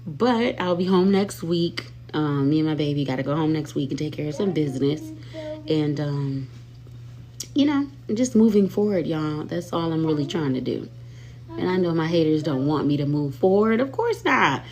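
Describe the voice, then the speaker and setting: In a casual live-stream chat, a sassy, talkative host who has children keeps calling her viewers y'all and honey. Her voice sits low with a dark tone, and she speaks at a moderate pace.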